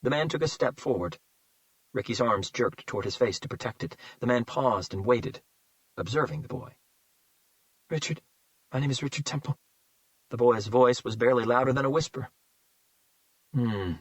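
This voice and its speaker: A man reading a crime thriller audiobook in a measured, tense narration. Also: medium pitch, no room sound, low-quality recording. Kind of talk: scripted narration.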